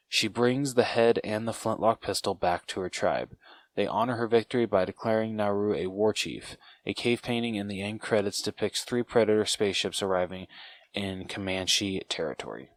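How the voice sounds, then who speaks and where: A man co-hosting a podcast, reading a plot summary aloud in a steady way with a few stumbles and restarts. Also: on the low side, no echo. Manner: steady read-through with occasional stumbles. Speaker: podcast co-host.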